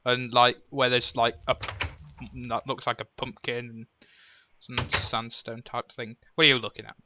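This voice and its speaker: A man's voice: mid-range voice, flat delivery, normal speed, background noise. A man chatting casually while playing a game with a friend, reading game text aloud and laughing often. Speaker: gamer. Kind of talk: casual let's play chat.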